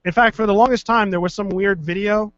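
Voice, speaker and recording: Joking high-voiced man host. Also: fairly even intonation, brisk, fairly bright tone, dry recording. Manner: loose, joking, profane. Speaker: podcast host. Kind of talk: casual chat. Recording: dull, lo-fi dry studio audio.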